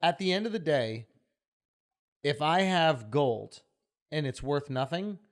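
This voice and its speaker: Podcast host guy, a bit high-voiced, excitable, swears a lot. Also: takes it slowly. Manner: excitable, profane banter. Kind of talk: casual podcast chat.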